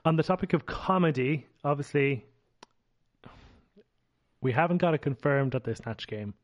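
A man's voice: on the high side, animated, moderate pace, muffled recording. A man with an Irish accent co-hosting a podcast, chatty and eagerly listing ideas. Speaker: podcast co-host. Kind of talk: casual chat.

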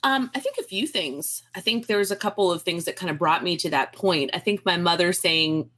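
A woman's voice: fairly low pitch, fairly quick. A woman in her thirties, a guest author, chatting in an interview and acting out the people in her stories. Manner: animated storyteller, acts out quoted voices. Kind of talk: casual interview chat.

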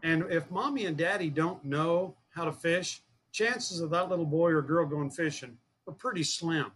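Earnest storytelling man, slightly high voice. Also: normal speed, fairly bright tone, slight background noise. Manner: earnest, repeats words, acts out quoted dialogue. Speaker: guest, fishing program founder. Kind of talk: storytelling interview talk.

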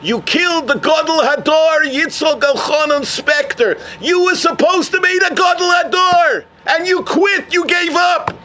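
A man putting on a stern heavenly voice that passes judgment, shouting accusations and drawing out its proclamations. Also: very high voice, huge pitch swings, takes it slowly, husky, full character voice. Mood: thundering, accusing.

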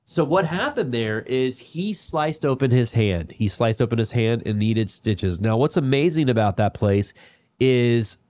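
A man hosting a golf podcast tells a rambling story in casual chat. He talks in animated bursts, quotes other people quickly and laughs often. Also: mid-range voice, a little hiss or hum. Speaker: podcast host.

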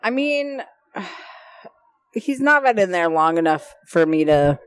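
A woman's voice: on the low side, very animated, slow, clean tone, dry recording. A woman guest on a casual podcast watch-along, wry and teasing, asking newcomer questions. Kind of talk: casual chat during a live watch-along.

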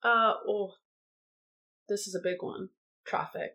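A woman's voice: medium pitch, steady tone, slow, pushed and bright. A young woman talks casually and animatedly as a podcast guest, her English carrying the trace of another first language. She chats freely in a living room and laughs often. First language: not English. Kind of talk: casual chat.

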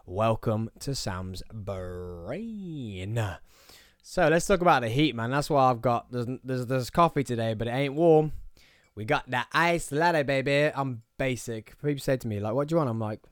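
A man's voice: on the low side, no room sound. A man in his thirties with a Birmingham accent, hosting his own podcast in casual, rambling, jokey chat from a small studio. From England. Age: 30s. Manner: rambling, jokey, goes off on tangents. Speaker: podcast host.

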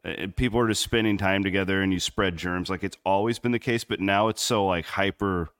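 A man's voice: sits low, steady tone, brisk, fairly bright tone, clear, resonant tone, dry recording, clean studio sound. A man from Southwest Iowa co-hosting a live sports podcast, rambling through casual chat with lots of fillers. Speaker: podcast co-host. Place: on the road in Memphis.

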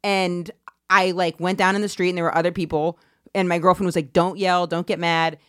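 A woman comedian telling stories on a casual podcast, animated and self-deprecating, acting out quotes loudly. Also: on the low side, fairly quick, smooth, no room sound, studio quality. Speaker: comedian guest.

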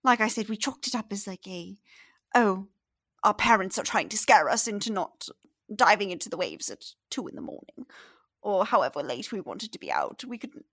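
A woman's voice: mid-range voice, animated, moderate pace, a bit bright. A woman voicing a chatty, motherly old woman, a fisherman's wife who fusses over a guest. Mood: fussing.

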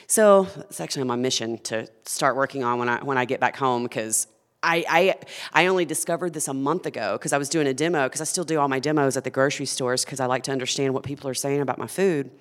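A woman's voice: very deep voice, fast talker, in a large hall. A woman who founded a food company, talking earnestly and with passion as a guest in a conversational interview.

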